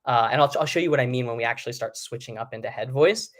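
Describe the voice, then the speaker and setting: A young man who is a vocal coach, teaching a live online singing lesson in a relaxed, explaining way and breaking into short sung demonstrations. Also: medium pitch, fast talker.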